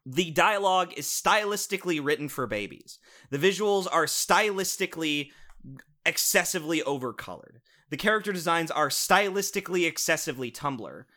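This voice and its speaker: A man's voice: fairly high pitch, expressive, normal speed, pushed and bright. A young man co-hosting a podcast, ranting sarcastically about cartoons with lots of swearing. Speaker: podcast co-host reviewing cartoons. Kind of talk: casual comedic rant.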